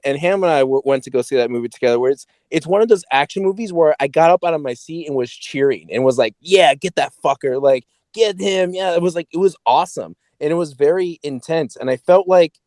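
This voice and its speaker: A man's voice: a little high, mellow, dry recording. A man co-hosting a podcast, chatting casually about a movie in a rambling way, correcting himself and swearing now and then. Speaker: podcast co-host. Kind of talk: casual movie review chat.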